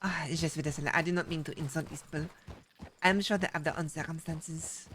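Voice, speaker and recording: A woman's voice: deep voice, fairly even intonation, quick pace, fairly bright tone, a little hiss or hum. A woman voicing a fussy, gossipy French artist, a frontier-era busybody who speaks formally without contractions, in an in-character roleplay chat. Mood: fretful.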